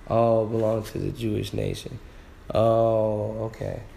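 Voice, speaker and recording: Slow, wondering man studying word roots. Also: lowish voice, flat delivery, gravelly, warm tone, slight background noise. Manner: slow, exclaims wow, sounds out words. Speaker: Bible word-study teacher. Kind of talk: casual Bible word study.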